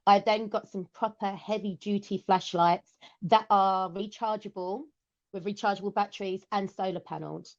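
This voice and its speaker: A woman's voice: medium pitch, fairly even intonation, moderate pace, lo-fi sound. A woman from England with an English accent, a podcast guest chatting casually and explaining things with lots of "okay" and "um".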